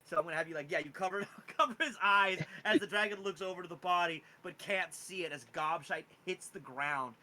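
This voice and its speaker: Guy running a dnd game, bright voice, a bit of hiss in the background. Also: fairly quick, few pauses, poor audio. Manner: animated, pitch jumping on key words. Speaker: game master. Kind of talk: narrating a tabletop game.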